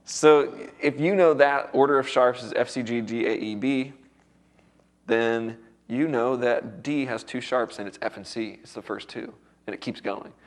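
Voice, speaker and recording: A man with a strained, recovering voice, teaching music theory to a seminar class in a casual, chatty way and quizzing the students. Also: medium pitch.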